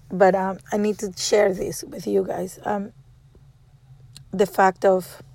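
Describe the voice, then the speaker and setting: Slow-talking woman. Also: mid-range voice, level tone, gravelly, darkish tone. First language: Spanish. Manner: emotional, frank, swears freely. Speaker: mother. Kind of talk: casual personal storytelling.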